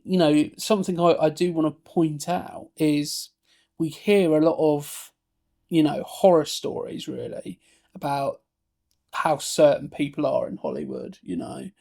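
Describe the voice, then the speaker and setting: A man co-hosting a film podcast, rambling along in relaxed chat. His voice sits a touch high and has a gravelly, fry-heavy edge. He keeps circling back with fillers and restarts. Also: a little slow. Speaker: podcast co-host. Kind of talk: casual film discussion.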